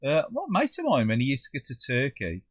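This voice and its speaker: Playing a game on a livestream, a man with a Black Country accent from the English Midlands chats with viewers, reads live chat, jokes, trails off, swears, and slips into funny quoted voices. His mid-range voice swoops wildly in pitch and runs a little fast, with no echo.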